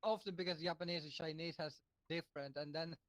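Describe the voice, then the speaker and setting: A young man chats casually, hesitating and tripping over words as he goes. His voice sits a bit higher than most men's. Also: steady tone, brisk, fairly bright tone. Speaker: podcast co-host. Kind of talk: casual chat while gaming.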